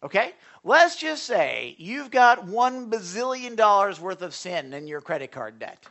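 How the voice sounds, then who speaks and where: A pastor delivers a conversational sermon in a folksy style, checking in with listeners and swinging between loud bursts and quiet asides. His voice sits high, with big pitch swings, a measured pace, and vocal fry.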